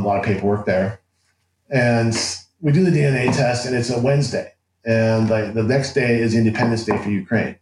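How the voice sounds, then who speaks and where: Animated man in a roomy echo. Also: lowish voice, slight background noise. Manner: animated, laughs often, acts out quotes with restarts. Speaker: interview guest. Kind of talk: casual anecdotal storytelling.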